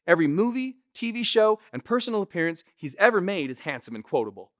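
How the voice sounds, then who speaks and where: A comedian and impressionist gives a casual tutorial in a high-pitched, very animated voice, talking fast. The studio-quality recording has no echo, and he keeps things chatty, frequently tagging his points with "right?" to check in.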